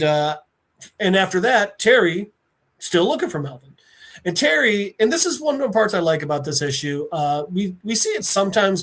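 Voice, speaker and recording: A man hosting a podcast, retelling a comic issue in a casual, animated way and acting out the characters' lines. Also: high voice. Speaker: podcast host.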